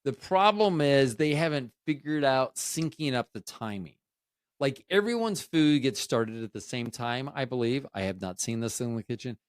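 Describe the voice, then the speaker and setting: A man's voice: medium pitch, lively intonation, normal speed, clear, resonant tone, dry recording, studio quality. A man in his fifties from Florida, hosting a podcast in a rambling, self-interrupting, jokey solo chat. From Tampa Bay, Florida, USA. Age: 50s. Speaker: podcast host.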